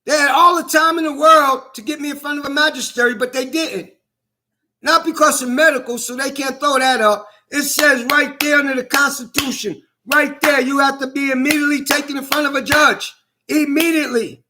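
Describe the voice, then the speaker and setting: A man's voice: extremely high pitch, steady tone, normal speed, pushed and bright, a little hiss or hum. A man delivering a heated, indignant vlog monologue, repeating himself and swearing often. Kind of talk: angry personal vlog monologue.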